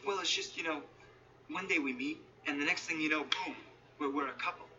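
A stammering boyfriend breaking up. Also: male voice, on the high side, a little fast, pushed and bright. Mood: hesitant. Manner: hesitant, stammering. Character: awkward young man dumping his girlfriend. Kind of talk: sitcom acting. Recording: distant, muffled clip with faint noise.

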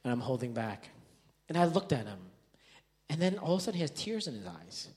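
A man preaching a sermon as a pastor, telling a story with humor and moving between loud jokes and quiet, earnest moments. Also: mid-range voice, sing-song, a little fast.

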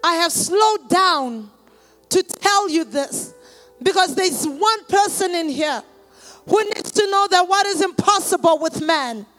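A woman preacher with a very high, bright voice delivers a sermon. She tells her testimony in soft, slow stretches, then rises to forceful, shouted calls to the congregation. Light music plays faintly behind her. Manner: builds from quiet testimony to shouted exhortation.

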